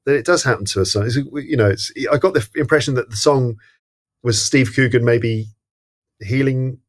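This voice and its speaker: A man appearing as a podcast guest, chatting casually about a film in a thoughtful, hesitant way, often pausing to search for words. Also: medium pitch. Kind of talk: casual film-discussion chat.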